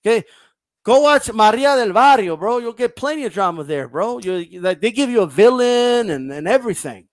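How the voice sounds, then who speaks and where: A man's voice: high voice, lively intonation, normal speed, dry recording. A man hosting a casual boxing livestream, ranting bluntly and profanely and reading viewer comments aloud.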